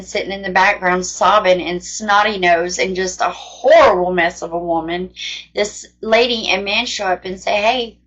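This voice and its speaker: A woman shares her personal faith testimony in an earnest, rambling, conversational way. Her voice sits at an ordinary pitch and comes through a dull, lo-fi recording. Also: a bit bright. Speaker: faith storyteller. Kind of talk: personal testimony, casual storytelling.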